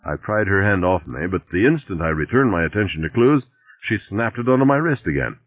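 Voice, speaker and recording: Deep-voiced man reading a novel aloud. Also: sing-song, a little fast, no echo. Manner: dry, wry first-person narration. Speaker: audiobook narrator. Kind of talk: audiobook reading. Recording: tinny dry lo-fi recording.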